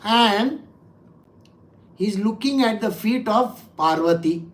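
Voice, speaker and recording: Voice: mid-range voice, expressive, slow. A spiritual teacher, giving a conversational scripture talk full of stories and rhetorical questions to the listeners. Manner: laughs while telling anecdotes.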